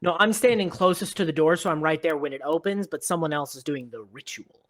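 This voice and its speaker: A man playing in a tabletop game, relaxed and joking, checking details aloud as he goes. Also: fairly high pitch, a little fast. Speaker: player. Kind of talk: casual chat in a tabletop game.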